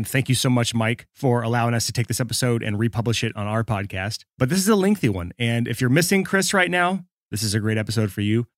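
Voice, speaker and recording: A man's voice: mid-range voice, no room sound, studio quality. A man hosting a podcast, introducing the episode in a chatty, joking and rambling way. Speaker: podcast host.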